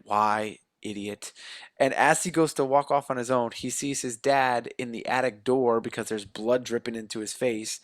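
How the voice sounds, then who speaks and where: A man co-hosting a podcast, excitedly retelling a film plot and acting out the characters' lines in a casual chat. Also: medium pitch, no echo, clean studio sound. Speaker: podcast co-host. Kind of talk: casual movie recap.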